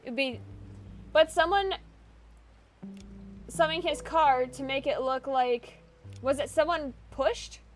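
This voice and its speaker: Young woman streamer, high voice, chatty, thinks aloud, loud excitable outbursts. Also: takes it slowly, long pauses, soft background music. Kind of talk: gaming stream commentary.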